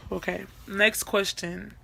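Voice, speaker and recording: Young woman, casual vlog chat, slow unhurried talk, gravelly vocal fry, rambling with fillers. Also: mid-range voice, bright, forceful tone, a little hiss or hum. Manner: chatty, repeats herself, many fillers. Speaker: vlogger. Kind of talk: casual get-to-know-me vlog. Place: her bedroom, in bed at night.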